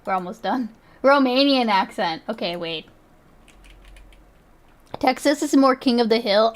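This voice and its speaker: A woman's voice: a little high, expressive, measured pace, pauses often. A woman streamer giving casual reaction commentary, chatty and often laughing.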